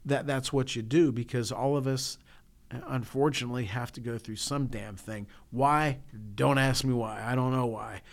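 A middle-aged man co-hosting a talk show, telling stories in a rambling, casual way with frequent restarts. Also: mid-range voice. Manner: rambling, storytelling with many restarts. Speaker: podcast co-host. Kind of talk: casual chat.

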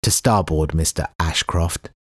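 A man voicing a calm, matter-of-fact airship captain with a folksy way of talking in an audiobook. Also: very deep voice, measured pace, husky, no echo, clean studio sound, full character voice. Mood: unbothered. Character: unflappable male airship captain.

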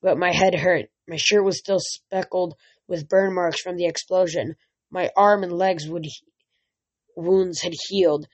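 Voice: medium pitch, fairly even intonation, a little slow. Amateur reader with frequent restarts. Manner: reads with frequent slips and restarts. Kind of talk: amateur audiobook reading. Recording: dull lo-fi recording.

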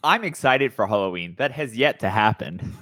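A man's voice: lowish voice, animated, moderate pace, a bit bright. A man co-hosting a casual podcast, teasing the others with dry sarcasm. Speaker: podcast co-host.

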